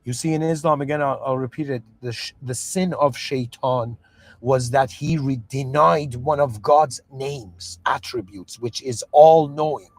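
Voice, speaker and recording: A man's voice: mid-range voice, a little slow, no echo. A man who moved to Canada as a child, talking earnestly in a reflective monologue, restarting often and checking that the listener understands. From moved to Canada at seven. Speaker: podcast host.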